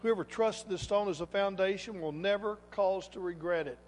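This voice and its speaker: High-voiced preacher in a reverberant hall. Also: male voice, normal speed, slight background noise. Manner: emphatic, swings between loud exhortation and quiet asides. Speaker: pastor. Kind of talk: sermon. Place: church sanctuary.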